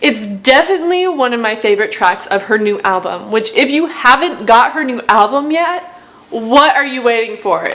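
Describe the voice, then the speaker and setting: A woman's voice: a little high, expressive, normal speed, a bit bright. A woman vlogger in casual chat, gushing with fan enthusiasm as she breaks down song lyrics.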